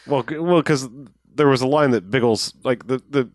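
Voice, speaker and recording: A man's voice: mid-range voice, normal speed, no echo, clean studio sound. A man co-hosting a podcast, chatting casually and rambling as he recaps a movie, often mimicking the characters. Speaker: podcast co-host.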